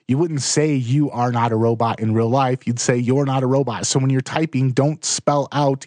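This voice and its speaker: A man in his thirties gives plain-spoken advice, direct and emphatic, in an easy conversational way. His voice sits at an ordinary middle pitch. The recording is dry, with no room sound around it. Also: steady tone, moderate pace, few pauses, darkish tone, no room sound. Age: 30s. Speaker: blogger giving writing tips. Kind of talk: casual instructional talk to camera.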